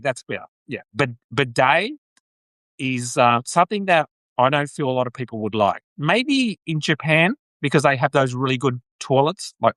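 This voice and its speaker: A man's voice: mid-range voice, a bit bright, dry recording. An Australian man hosting a live video podcast, chatting casually and greeting viewers in the chat. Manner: chatty, rambling, reads out viewer comments. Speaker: podcast host.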